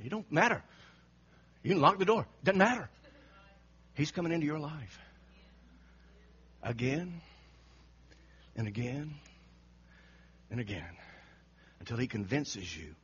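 A man preaching an animated sermon, telling the story dramatically and acting out the quotes with frequent laughter. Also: mid-range voice, slightly rough. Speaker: pastor. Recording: muffled lo-fi recording.

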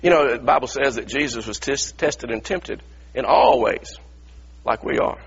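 A man's voice: medium pitch, lively intonation, normal speed, gravelly, husky, highs cut off. A male preacher delivering an impassioned sermon, retelling stories and voicing pleading sons. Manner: impassioned, acts out biblical voices.

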